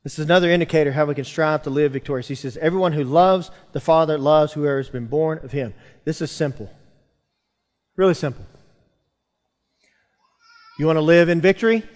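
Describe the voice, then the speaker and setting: A man's voice: fairly high pitch, a little fast, long pauses, in a large hall. A man preaching a sermon to a church congregation, building emphasis and calling out to the listeners. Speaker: pastor. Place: church sanctuary.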